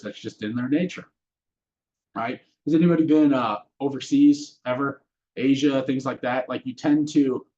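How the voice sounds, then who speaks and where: A man's voice: mid-range voice, a little mellow, dull audio. A man teaching a real estate course in a casual lecture style, often putting questions to his audience. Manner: conversational, asks the audience questions. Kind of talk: classroom lecture.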